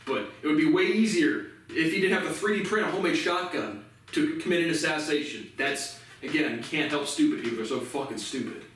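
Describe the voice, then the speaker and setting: A man's voice: a little high, expressive, a little fast, a bit bright, slight background noise. A man hosting a casual news commentary, ranting sarcastically and swearing a lot. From United States. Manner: profane, sarcastic ranting with laughs. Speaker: commentary show host. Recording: echoey room, mic far off.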